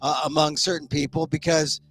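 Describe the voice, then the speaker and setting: A man's voice: on the high side, level tone, fairly bright tone, breathy edge, faint music behind. A man hosting a talk show, chatting casually and agreeably with a guest. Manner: conversational, agreeable, frequent quick affirmations. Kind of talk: casual chat.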